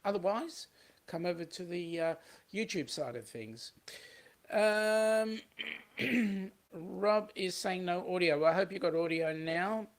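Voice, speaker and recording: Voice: medium pitch, takes it slowly. A livestream host with an Australian accent, talking casually and greeting viewers by name as they read the chat aloud.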